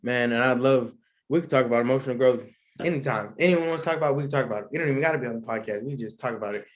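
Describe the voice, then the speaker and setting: A man's voice: medium pitch, very fast. A young man, hosting a solo podcast in a laid-back, rambling way and laughing often. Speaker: podcast host. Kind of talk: casual solo podcast chat.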